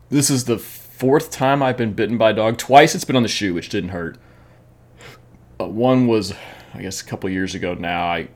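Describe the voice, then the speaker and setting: A man telling his training mishaps in a casual vlog, chatty, often laughing and repeating words as he talks. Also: low voice. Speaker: amateur triathlete vlogger.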